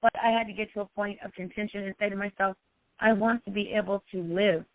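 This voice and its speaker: A woman's voice: little pitch movement, brisk, gravelly, no echo, narrow, tinny audio. A woman life coach talking personally to her followers, emotional and repetitive. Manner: emotional, repetitive, sometimes cries out high.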